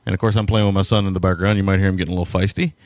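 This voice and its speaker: A man's voice: low-pitched, steady tone, very fast, a little mellow, no room sound. A man co-hosting a casual film podcast from home, laid-back and laughing often. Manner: laid-back, laughs a lot, hesitant with fillers. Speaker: podcast co-host. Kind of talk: casual chat. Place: home, son playing nearby.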